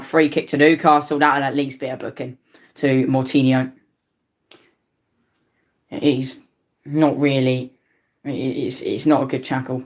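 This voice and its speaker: A tired young man in his late teens, giving rambling, stumbling live commentary on a football match as a fan, his voice jumping up in pitch whenever a team attacks. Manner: excitable play-by-play that jumps up in pitch on attacks.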